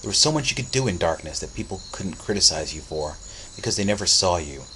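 A man narrating a story as an audiobook reading, with steady, dramatic storytelling. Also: deep voice, fast talker, a little hiss or hum, poor audio.

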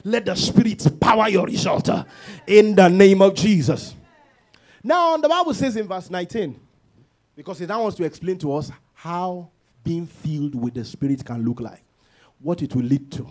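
A man preaching a church sermon, moving from calm teaching into shouted, sing-song declarations. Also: high-pitched. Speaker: pastor. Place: church service.

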